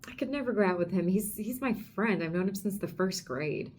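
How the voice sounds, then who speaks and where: A shy teenage girl from a comic book hurries to deny a crush, as a woman reads her lines aloud. Her voice lifts a little, and her words come quickly and unevenly. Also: medium pitch, a little mellow, natural voice. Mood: flustered.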